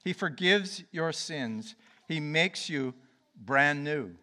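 A male pastor preaching a sermon, swinging between loud declarations and near-whispers. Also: on the high side, expressive, slow pace.

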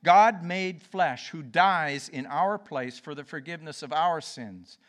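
A male pastor preaching a sermon, swinging between loud declarations and near-whispers. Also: fairly high pitch, unhurried.

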